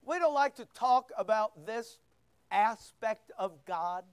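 A man's voice: high voice, slow pace, smooth, no echo. A man preaching a sermon, reading scripture and acting out voices as he goes. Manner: animated preaching, acts out quoted voices. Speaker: pastor.

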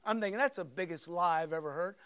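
A man in his sixties preaching a sermon, telling a folksy story and acting out the voices in it before rising into forceful preaching on scripture. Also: high-pitched, fast talker, clear, resonant tone. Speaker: pastor.

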